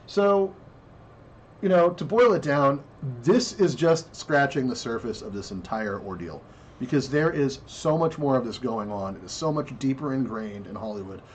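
A man's voice: mid-range voice, expressive, moderate pace, slight background noise. A man co-hosting a casual podcast discussion, talking in a blunt, crude and rambling way. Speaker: podcast co-host.

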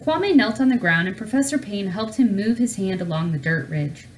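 A woman reads a children's storybook aloud with expressive, animated delivery. Her voice is mid-range at a normal speed, and the low-quality recording has slight background noise.

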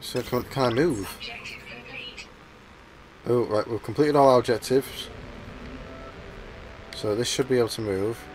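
A man giving let's-play commentary over his gameplay, excitable and exclaiming, at times mumbling. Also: medium pitch, a little slow, long pauses, slight background noise. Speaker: gaming channel host.

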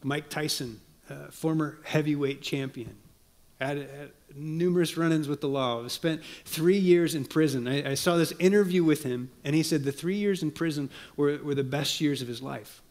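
Guy preaching, kinda high voice, gets quiet and low to hit a point. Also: moderate pace. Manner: earnest preaching, drops to soft low tones for emphasis; reads quotations aloud. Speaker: pastor. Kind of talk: sermon.

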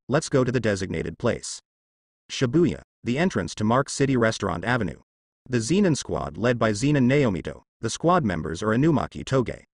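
A man narrating a translated fan novel in an even, unbroken reading voice. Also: medium pitch, no echo, clean studio sound.

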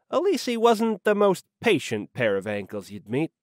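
A man narrating a hard-boiled detective audiobook with wry, slangy deadpan delivery. His voice sits slightly high for a man and moves around a lot in pitch. The recording is close and dry. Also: moderate pace, hardly any pauses, no echo.

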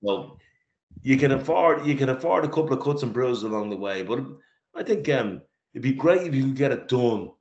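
A man's voice: mid-range voice, animated, brisk, darkish tone, dull audio. A man with a London Cockney accent, co-hosting a podcast with dry, joking remarks. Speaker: podcast co-host. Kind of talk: casual chat. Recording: roomy echo.

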